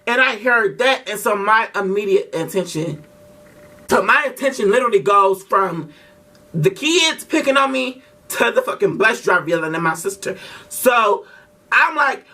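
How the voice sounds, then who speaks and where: A man's voice: high voice, lively intonation, moderate pace, pushed and bright, far from the mic. A man telling a story casually to his vlog audience, slangy and profane, with lots of restarts. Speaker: vlogger.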